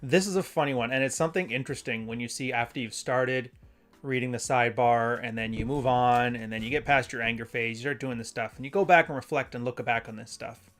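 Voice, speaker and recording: With faint music playing behind him, a man hosts a relaxed solo podcast, speaking fairly quickly in a mid-range, somewhat bright voice. He rambles, self-corrects, and reads passages aloud in a conversational way.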